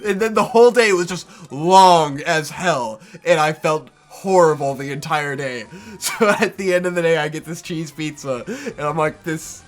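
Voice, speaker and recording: A man co-hosting a casual chat, telling a long story in an animated way and swearing freely. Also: on the high side, moderate pace. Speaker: co-host.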